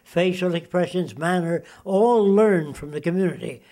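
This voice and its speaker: A man's voice: high-pitched, moderate pace, warm tone. An older man in an interview, lecturing emphatically and asking rhetorical questions. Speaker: interviewee, futurist. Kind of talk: interview monologue.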